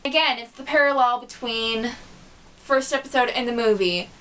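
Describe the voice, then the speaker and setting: A woman's voice: fairly high pitch, moderate pace, a bit bright, rough recording. A woman giving a casual, chatty movie review on her vlog, filling her talk with "like" and acting out the characters. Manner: chatty, lots of "like", acts out the characters.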